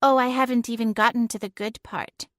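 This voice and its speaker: A woman's voice: fairly high pitch, fairly even intonation, brisk, no room sound, studio quality, lightly acted. A woman voicing a smug, sly female talking cat who teases with drawling, passive-aggressive innocence. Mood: smug teasing.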